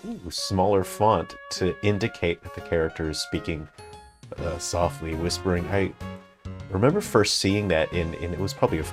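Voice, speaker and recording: A game developer giving thoughtful, analytical commentary as he plays, thinking aloud with frequent fillers. His voice sits very low. Soft game music plays faintly behind him. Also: normal speed. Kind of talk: gameplay commentary.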